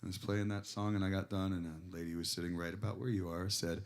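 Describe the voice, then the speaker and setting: A man's voice: low voice, level tone, fast talker. A man, a singer-songwriter and guitarist, chatting and telling rambling stories to a small crowd between songs at an in-store show. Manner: chatty, rambling storyteller, self-described nervous talker. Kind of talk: live stage banter between songs. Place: record store in-store performance.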